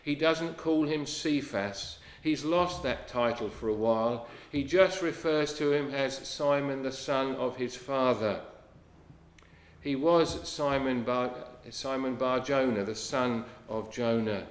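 A man preaching a sermon in an earnest, unhurried way, often dropping to a soft hush. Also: mid-range voice. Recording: echoey room.

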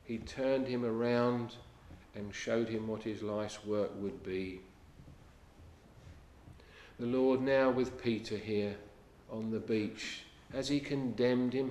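Preaching earnestly in a mid-range voice, a man recites scripture in archaic English, lowering to a hush for the important lines. The sound is roomy.

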